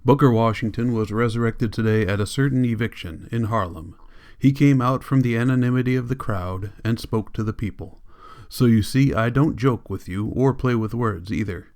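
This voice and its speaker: A man's voice: mid-range voice, moderate pace, a little mellow, close to an everyday voice. A man reading an audiobook, voicing a cold, commanding political leader who lectures in an icy, insistent way. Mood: lecturing.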